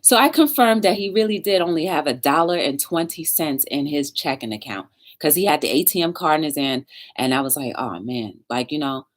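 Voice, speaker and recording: A woman's voice: sits low, a little fast. A woman hosting a talk show, telling a story in a casual livestream chat and talking straight to her viewers. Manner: chatty, animated, talks straight to viewers.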